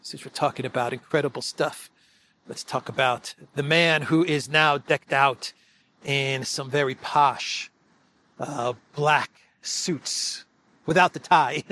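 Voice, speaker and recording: A man's voice: on the high side, fairly bright tone. A man giving solo political commentary in a sarcastic, mocking tone, often chuckling between points.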